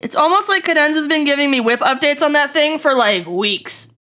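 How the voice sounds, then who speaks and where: A woman streaming live, chatting to her viewers in an excitable, giggly way. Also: high voice, a little fast. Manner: excitable, giggly, talks straight to chat.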